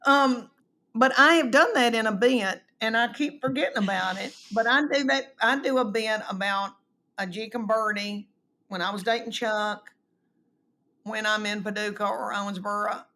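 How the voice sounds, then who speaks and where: A woman's voice: mid-range voice, normal speed. A middle-aged woman with an East Tennessee Southern accent, telling folksy stories as a guest in a casual chat. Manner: animated, folksy storyteller who acts out quotes. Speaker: guest comedian.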